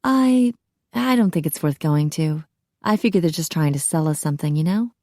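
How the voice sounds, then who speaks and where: A woman's voice: sits low, animated, moderate pace, dark tone, no echo, clean studio sound. A woman voicing a friendly, chatty young redheaded college woman in an audiobook. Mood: casual. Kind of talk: audiobook character voice.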